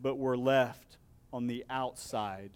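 A man preaching a sermon, reading scripture with acted-out dialogue and dropping to a soft, low voice to close his points. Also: fairly even intonation, takes it slowly, clear, resonant tone. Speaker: pastor.

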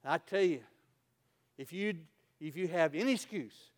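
A man preaching a sermon as pastor, telling stories and swinging from loud to quiet. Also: a little high, moderate pace.

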